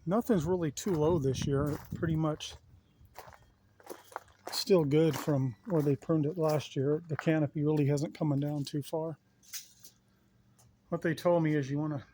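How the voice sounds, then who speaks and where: Strolling around his backyard outdoors, a yard vlogger chats casually with his viewers in a rambling, folksy way. His voice leans high with a dark tone, and there's a bit of background noise.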